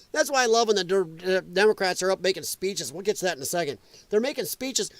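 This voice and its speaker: Animated, high-voiced middle-aged man on stream. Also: quick pace, no echo. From Illinois. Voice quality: profane, mocking, laughs often. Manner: animated, drops into sarcastic mimicking voices. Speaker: live-stream host. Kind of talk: live-stream political commentary.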